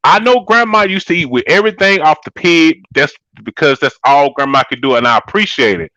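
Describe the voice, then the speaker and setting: A man's voice: fairly high pitch, lively intonation, brisk, sharp tone, no echo, lo-fi sound. A man co-hosting a casual chat show, talking emphatically in a preachy way and calling his listeners y'all. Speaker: co-host.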